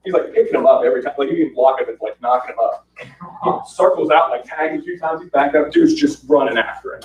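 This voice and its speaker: A slightly high, fairly quick male voice, with a bit of background noise, relates fight stories in easygoing talk. Lively and animated, he voices the quotes himself and often breaks into laughter. The podcast audio is roomy, distant and muffled.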